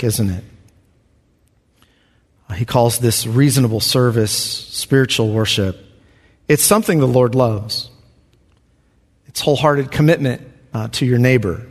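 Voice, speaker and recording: A man's voice: on the high side, long reverb tail. A man preaching a sermon. He talks earnestly and repeats questions for emphasis. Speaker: pastor.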